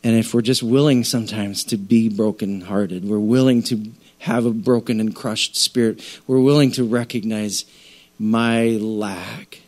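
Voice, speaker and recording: A man's voice: lowish voice, steady tone, a little slow, darkish tone. A male preacher giving a sermon in an emphatic, repetitive, conversational way.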